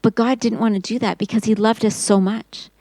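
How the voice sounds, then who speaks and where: A woman teaching Sunday school, telling a Bible story to children in an expressive storytelling voice. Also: a little high, a little fast, dry recording, rough recording. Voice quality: expressive storyteller, acting out quotes in raised voice.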